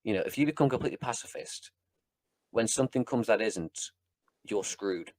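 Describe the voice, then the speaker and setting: A man co-hosting a casual podcast review, talking bluntly and swearing freely, sometimes acting out scenes in quick voices. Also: fairly low pitch, expressive, darkish tone, no echo. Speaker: podcast co-host. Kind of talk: casual chat, episode review.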